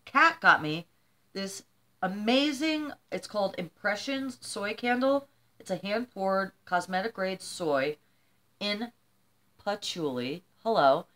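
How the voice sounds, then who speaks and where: A woman's voice: mid-range voice, expressive, slow, a bit bright. Older lady vlogger, rambly and emotional, a bit teary, just chatting to camera. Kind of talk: casual chat to camera.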